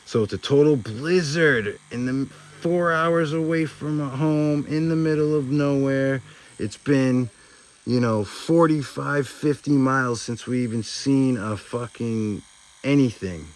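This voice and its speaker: A man's voice: medium pitch, a little slow. A man casually telling a rambling personal story, swearing often and filling in with "like" and "you know".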